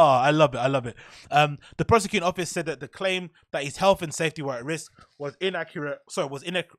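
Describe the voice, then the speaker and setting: A sardonic man holds forth alone on his podcast, mocking and ranting as he goes. His voice sits a little high for a man. The sound is dry and close, with no room around it. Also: fairly bright tone, dry recording. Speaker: podcast host. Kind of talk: solo commentary on news and gossip.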